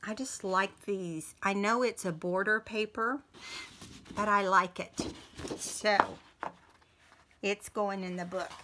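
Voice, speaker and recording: Slow, chatty woman crafting. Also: medium pitch, steady tone, pushed and bright, a little hiss or hum. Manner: chatty, thinks aloud while working. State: keeps coughing and clearing throat. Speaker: crafting video host. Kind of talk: casual craft tutorial.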